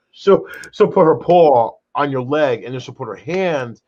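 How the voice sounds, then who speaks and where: A man co-hosting a casual chat show, animated and rambling, leaning on fillers like "though" and "brother". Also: medium pitch, slow. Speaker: co-host. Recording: dull lo-fi sound.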